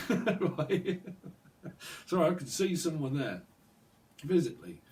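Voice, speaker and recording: A man's voice: on the high side, sing-song, takes it slowly, darkish tone, far from the mic, poor audio. Rambling man reading tarot. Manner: rambling, free-associating, many "like" and "right?" tags. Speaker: tarot reader.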